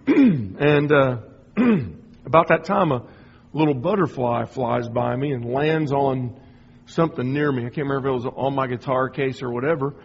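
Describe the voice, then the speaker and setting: A middle-aged man giving a rambling, informal spoken testimony, often restarting and clearing his throat. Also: mid-range voice, normal speed, muffled recording. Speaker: speaker sharing a personal faith story.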